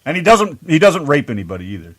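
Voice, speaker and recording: Male host, fairly high voice, teasing questions, casual banter. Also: sing-song, fast, dry recording. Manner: teasing, reads numbered questions. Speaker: radio show host. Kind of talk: casual radio interview.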